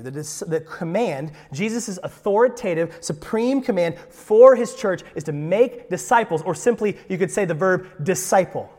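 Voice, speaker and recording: A man preaching a sermon as pastor, animated and talking with his hands. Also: sits high, normal speed, hardly any pauses. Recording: long hall reverb.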